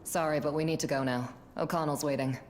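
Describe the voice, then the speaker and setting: An actress playing a blunt, matter-of-fact young starship captain in a video game. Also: female voice, low voice, steady tone, fast, a little hiss or hum, natural voice. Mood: terse. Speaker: game character.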